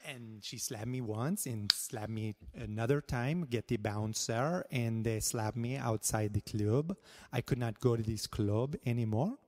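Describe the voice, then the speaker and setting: A man's voice: mid-range voice, slight background noise, close to an everyday voice. A man putting on a bumbling French inspector. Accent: put-on French. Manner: halting, slow, broken English. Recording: long hall reverb.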